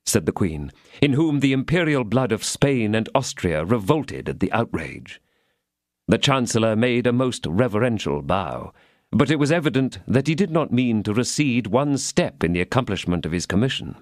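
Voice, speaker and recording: Expressive male audiobook narrator. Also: on the low side, normal speed, dry recording, studio quality. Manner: steady, expressive classic-novel reading.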